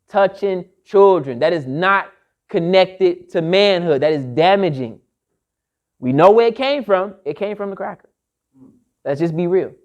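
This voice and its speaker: On a lo-fi recording, a high-voiced man addresses a live crowd emphatically. He keeps circling back to the same key phrases, almost like a chorus.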